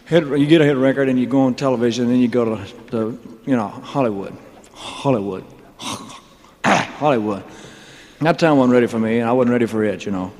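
Male entertainer, mid-pitched, loose and joking monologue, live hall with long reverb and faint hiss. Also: rapid-fire, hardly any pauses, a little mellow. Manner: loose, joking, drawling, full of "you know" and "man". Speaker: entertainer telling his career story on stage. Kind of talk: rambling onstage storytelling monologue. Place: large live venue with audience laughter.

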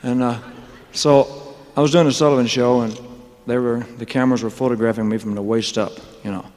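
Captured in a live concert recording with long hall reverb and faint noise, a man rambles through his career story onstage, drawling, joking, and wandering into asides as the big crowd laughs. He speaks briskly in a medium-pitched, slightly mellow voice with fairly even intonation.

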